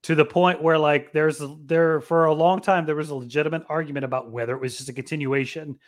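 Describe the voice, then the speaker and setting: A man in his thirties with a fairly high-pitched voice co-hosts a podcast. He chats in a playful, enthusiastic way and teases his co-host. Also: fairly even intonation, fast. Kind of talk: casual chat.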